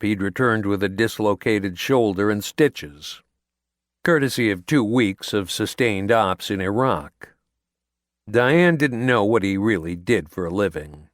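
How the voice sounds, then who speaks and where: Man reading an audiobook slow and steady, lowish voice, dry booth sound. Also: no echo. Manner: measured, steady storytelling. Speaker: audiobook narrator. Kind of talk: scripted narration.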